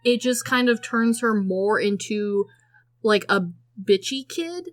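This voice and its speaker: Speaking slowly in a slightly high voice, this woman co-hosts a casual movie review podcast. Her tone is sarcastic and lively, and she performs quotes along the way.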